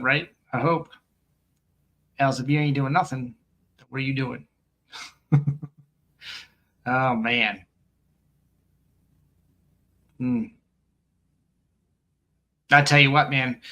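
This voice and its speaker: A man's voice: mid-range voice, bright, forceful tone. A man hosting a live coin stream, rambling and joking casually while reading viewer comments aloud and laughing often. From United States.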